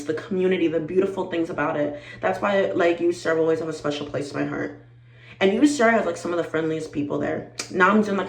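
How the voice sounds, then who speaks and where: A woman in her twenties chatting to camera, animated and talkative, calling her viewers y'all and growing teary-eyed. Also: fairly low pitch, roomy sound, low-quality recording. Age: 20s. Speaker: vlogger. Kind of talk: casual chat to camera.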